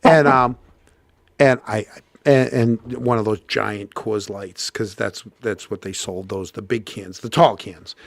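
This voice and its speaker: A man's voice: measured pace, gravelly, no echo. A man hosting a podcast, telling a long story in casual chat and acting out every quote. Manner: animated storyteller, acts out quotes with big pitch jumps. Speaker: podcast host.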